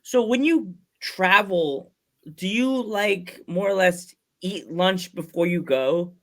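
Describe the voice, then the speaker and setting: With a high-pitched, slightly bright voice, a man hosting a casual podcast chat spins a rambling story. He falters and restarts mid-sentence and gives the quoted people their own acted-out voices.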